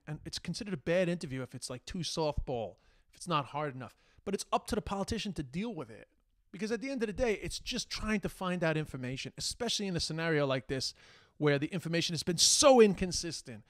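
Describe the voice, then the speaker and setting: A man's voice: high voice, a bit bright. Fired-up Irish man ranting. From Ireland. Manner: heated, exasperated, profane, mocks quoted speech. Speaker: podcast host. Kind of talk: casual monologue rant.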